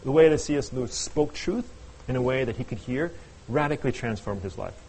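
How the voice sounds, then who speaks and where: A middle-aged man preaching a sermon, telling stories with animated, playful asides. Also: medium pitch, brisk, a little hiss or hum, poor audio. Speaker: pastor.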